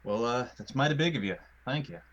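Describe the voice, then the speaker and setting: A man voicing a wary young village man who speaks with a Southern US twang in a halting, folksy way. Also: mid-range voice, animated, a bit bright, dull audio. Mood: polite.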